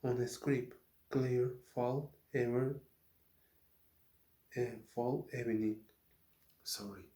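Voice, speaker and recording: A man whose first language is Spanish, hosting his channel and reading a novel aloud as an ASMR read, careful and halting, often correcting himself. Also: mid-range voice, fairly even intonation, dark tone, reverberant.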